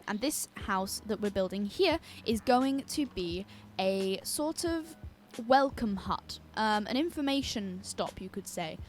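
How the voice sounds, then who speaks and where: A woman's voice: mid-range voice, expressive, unhurried, soft background music. A young British woman chatting casually and rambling as she commentates her own gameplay, with giggles and cut-off swears. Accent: British English. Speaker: gaming YouTuber. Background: her own song playing faintly.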